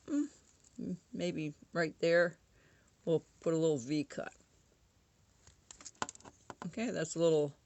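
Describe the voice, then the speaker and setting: Gravelly woman teaching woodcarving. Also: low voice. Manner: chatty, corrects herself often. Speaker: woodcarving instructor. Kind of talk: casual carving tutorial.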